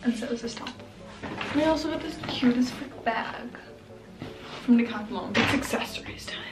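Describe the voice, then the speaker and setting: A woman's voice: fairly high pitch, moderate pace, far from the mic. A woman talking through a shopping haul in a chatty, gushing way. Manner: chatty and gushing about her buys. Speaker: vlogger. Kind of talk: casual haul vlog. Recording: roomy and off-mic with loud music behind.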